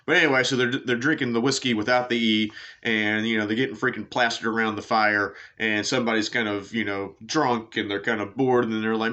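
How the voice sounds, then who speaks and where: Rambling sports show host, bright voice. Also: male voice, lowish voice, flat delivery, fast talker. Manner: rambling, with lots of fillers and tangents; swears casually for emphasis. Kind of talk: casual sports commentary monologue. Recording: dull lo-fi sound.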